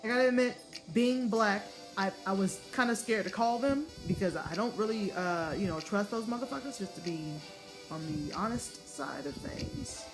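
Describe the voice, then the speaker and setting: A young adult woman from the United States telling a casual vlog story, swearing freely and acting out what people said in raised voices. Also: a little high. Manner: animated, profane, acts out quotes in raised voices. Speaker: vlogger.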